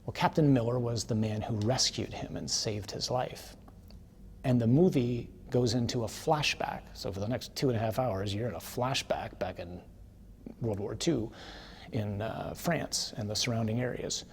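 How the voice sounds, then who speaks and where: A man giving a conversational teaching sermon, telling a story with casual tag questions and building to forceful emphasis. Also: mid-range voice, normal speed, slight background noise.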